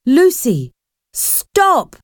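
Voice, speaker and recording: Woman voicing panicky young man, pleading, high strained voice, storybook. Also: huge pitch swings, slow pace, a little mellow, no room sound, studio quality, full character voice. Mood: panicked.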